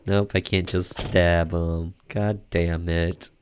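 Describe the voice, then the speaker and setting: A man's voice: sits low, flat delivery, slow, darkish tone, soft background music. A man giving gameplay commentary, drawling his lines and dropping sarcastic asides. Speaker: let's play gamer.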